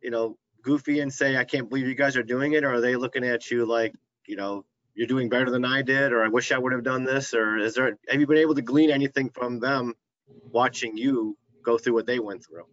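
A man's voice: mid-range voice, fairly even intonation, a little fast, fairly bright tone. A man co-hosting an interview, asking questions in a casual, chatty way. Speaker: interview co-host. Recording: dull lo-fi sound.

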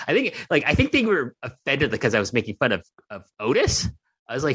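A man's voice: mid-range voice, sing-song, fast, sharp tone, slightly rough, dry recording. A man hosting a wrestling podcast, talking casually with many restarts, snarky asides and frequent swearing. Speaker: podcast host.

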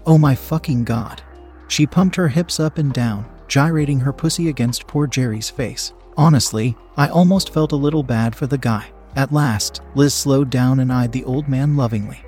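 A man's voice: medium pitch, moderate pace, few pauses, a little mellow, faint music behind. A man narrating a first-person story in a tense, confessional way.

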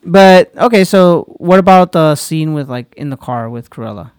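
A man's voice: on the high side, lively intonation, normal speed, clean tone, dry recording, studio quality. A man co-hosting a casual podcast, talking hesitantly with lots of "like" and restarts. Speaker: podcast co-host. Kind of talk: casual chat.

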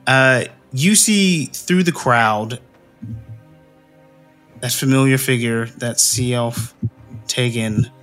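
A man's voice: medium pitch, takes it slowly, long pauses, a bit bright, faint music behind. A man narrating a tabletop game as game master, hesitant and full of ums and uhs.

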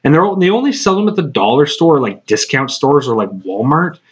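A podcast host tells a rambling workplace story in casual chat, swearing often and laughing between phrases. His voice is husky, on the high side and expressive, and he talks fairly quickly, on a slightly dull lo-fi recording.

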